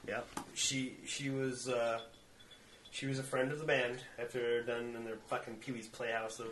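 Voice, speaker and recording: A man co-hosting a podcast, telling a story in casual, profane chat and acting out the quotes in high voices. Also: fairly even intonation, normal speed, a bit bright, a little hiss or hum.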